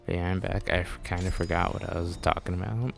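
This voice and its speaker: A man's voice: low voice, fairly even intonation, fast, gravelly, soft background music. A man giving a rambling, self-correcting voice-over commentary on his gameplay, speaking offhand as a gaming channel host. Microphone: desktop mic.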